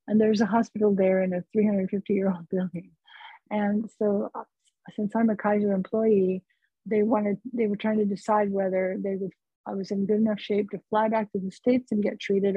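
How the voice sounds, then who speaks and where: Husky-voiced woman guest, earnest storyteller, heard over a dry, thin phone-quality line. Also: mid-range voice, dry recording. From California. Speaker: psychotherapist guest. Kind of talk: personal storytelling in an interview.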